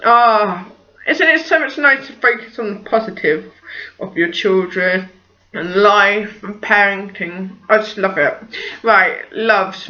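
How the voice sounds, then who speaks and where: Young mum, chatty vlog delivery, bright tone, muffled home-recorded sound. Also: female voice, medium pitch. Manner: chatty and rambling, full of "like" and "just". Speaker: parenting vlogger. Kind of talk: casual vlog chat.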